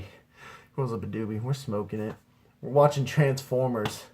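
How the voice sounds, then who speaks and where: A man's voice: mid-range voice, moderate pace, warm tone, a little hiss or hum. A young man casually telling a rambling, profane anecdote to his viewers as a beginner comedy vlogger. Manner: rambling, profane, laid-back.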